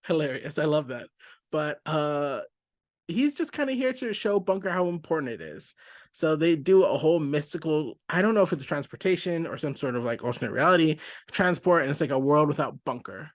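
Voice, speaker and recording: A man's voice: fairly high pitch, lively intonation, brisk, no room sound, studio quality. A man hosting a casual comic book review, talking in a chatty, self-interrupting way and laughing easily. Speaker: comic book podcast host.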